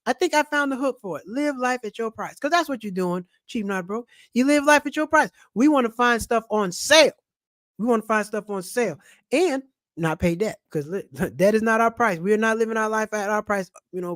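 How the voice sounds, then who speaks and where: A middle-aged man rants about money straight to camera, animated and preachy, with plenty of street slang. His voice sits high for a man, recorded dry and close with no room sound. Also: no echo. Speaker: channel host and comedian. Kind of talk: casual personal finance vlog.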